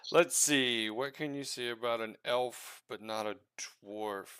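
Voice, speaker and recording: A man's voice: mid-range voice, a little slow, sharp tone, smooth, no room sound, studio quality. A tired man running a tabletop game as game master late at night, hesitant and full of fillers. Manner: hesitant, many fillers, self-deprecating. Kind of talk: narrating a tabletop game livestream.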